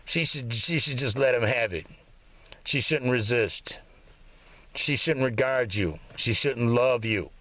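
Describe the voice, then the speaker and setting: A man's voice: medium pitch, takes it slowly. A man delivering an angry, profane, mocking monologue straight to the camera. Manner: loud and heated, then quieter and lecturing. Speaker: vlogger.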